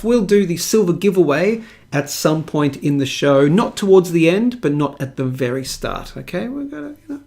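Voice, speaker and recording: A man's voice: on the high side, gravelly. An Australian man hosting a live stream, chatting with viewers in a playful, rambling way and joking at himself. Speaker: live-stream show host.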